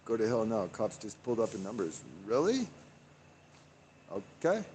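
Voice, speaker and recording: A man's voice: on the low side, big pitch swings, normal speed, darkish tone, a little hiss or hum. A man chatting on a live stream from the street outdoors, reading viewer comments aloud and rambling with many fillers. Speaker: livestreamer.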